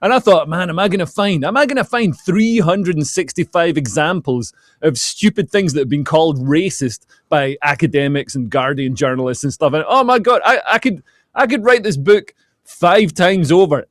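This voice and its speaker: A man's voice: on the high side, lively intonation, normal speed, dry recording, studio quality. A male comedian guest riffing sarcastically and with energy in casual banter.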